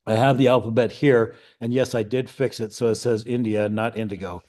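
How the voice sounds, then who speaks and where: Man, middle-aged, radio class instructor, conversational lecture, mid-pitched voice, checks in with listeners. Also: fairly even intonation, fairly quick, darkish tone. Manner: conversational, explains step by step with frequent "okay?" and "right?".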